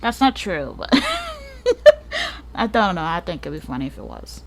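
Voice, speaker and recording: A woman's voice: deep voice, very animated, brisk, creaky. A woman hosting a gaming channel, reading a book aloud and breaking off for joking asides, sometimes stumbling over hard names.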